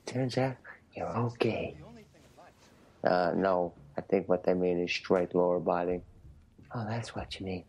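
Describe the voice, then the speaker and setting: A man's voice: low-pitched, a little slow, pauses often, darkish tone, slightly rough. A man co-hosting a casual film commentary, joking crudely and slipping into silly voices, from England. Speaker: podcast co-host.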